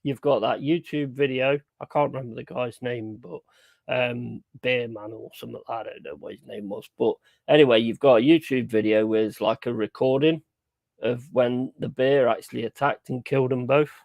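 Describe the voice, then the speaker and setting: Young guy, casual streamer chat, gravelly, blunt and sweary. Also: medium pitch, fairly even intonation, moderate pace, a little mellow, dry recording. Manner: blunt, sweary, emphatic repetition. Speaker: streamer hosting a football watchalong.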